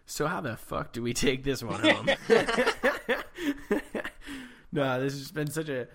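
A man co-hosting a podcast in a relaxed chat with guests. His voice sits at an ordinary middle pitch. He keeps the talk playful, teasing and joking with the others. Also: measured pace, creaky. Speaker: podcast co-host. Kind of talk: casual chat.

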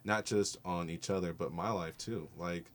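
A man's voice: sits low, fairly even intonation, moderate pace. A man who mentors students in a music program, talking earnestly and encouragingly in a casual group conversation. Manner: earnest, encouraging, heavy on "like" and "dope".

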